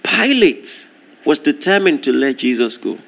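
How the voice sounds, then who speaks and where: A man preaching a sermon, telling a story with lively, animated delivery and acting out the voices in it. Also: on the high side, a little slow, creaky.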